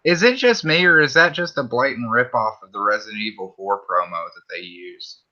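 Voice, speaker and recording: A man's voice: medium pitch, lively intonation, brisk, pushed and bright, highs cut off. A man with a Southern US accent chatting casually on a livestream, laid-back and swearing freely.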